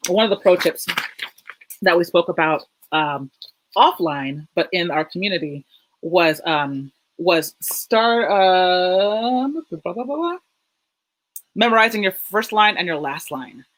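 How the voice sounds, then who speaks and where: A woman hosting a livestream in a quick, casual, chatty way. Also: on the low side, animated, rough recording. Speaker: host. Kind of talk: livestream presenting.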